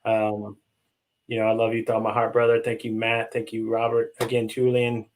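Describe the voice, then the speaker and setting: A man's voice: lowish voice, monotone, moderate pace, slight background noise, poor audio. Man hosting, gushing heartfelt thanks. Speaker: host. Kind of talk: live online roundtable sign-off.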